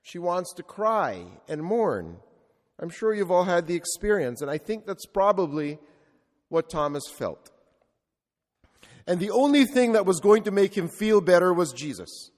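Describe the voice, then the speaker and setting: A man's voice: high voice, very animated, unhurried. A male Catholic priest preaching a sermon with reflective storytelling and rhetorical repetition. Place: church. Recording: long reverb of a large church.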